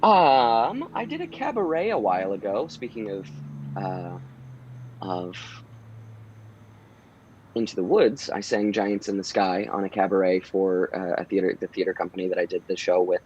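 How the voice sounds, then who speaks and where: Low-voiced guy rambling casually in an interview, lots of ums, kinda muffled audio. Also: normal speed, a little hiss or hum. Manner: relaxed, rambling, many "um"s and restarts. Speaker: voice actor guest. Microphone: home recording booth.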